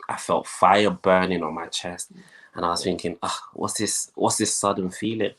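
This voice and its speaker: A young man, a guest, telling his life story in a lively way and acting out the voices of the people in it. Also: sits low, normal speed. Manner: animated storyteller, acts out quoted voices.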